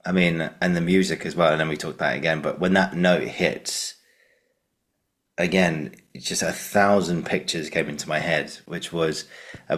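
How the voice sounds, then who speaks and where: A man hosting a podcast, telling a long anecdote with lots of fillers and asking his guest questions. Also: extremely low pitch. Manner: rambling storyteller with many fillers. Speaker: podcast host. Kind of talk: casual interview chat.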